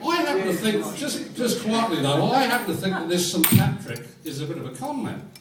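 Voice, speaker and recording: A man with a high voice runs a joke-filled fines session, his delivery dry and deadpan. He sounds roomy and far from the mic, with crowd chatter behind him in a function room. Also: brisk. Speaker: fines master at a club dinner. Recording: roomy hall recorded from afar with crowd.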